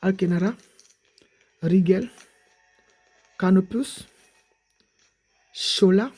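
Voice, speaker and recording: A preacher giving a rambling exhortation, repeating "you see" and slowly listing names one after another. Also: mid-range voice, warm tone, breathy edge, faint music behind. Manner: repetitive, prodding with "you see"; slow, drawn-out listing of names.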